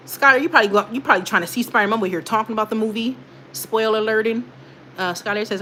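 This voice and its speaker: A woman's voice: mid-range voice, fast, pushed and bright, a little hiss or hum. A young woman hosting a casual livestream, chatting straight to her viewers and reading their comments, rambling with many fillers. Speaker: channel host reading live chat.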